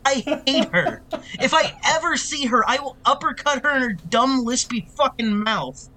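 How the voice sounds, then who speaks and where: A man's voice: very high voice, pushed and bright. A man, co-hosting a podcast and ranting angrily in casual chat with heavy swearing. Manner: angry, heavy swearing, quick storytelling. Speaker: podcast co-host. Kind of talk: casual profane rant.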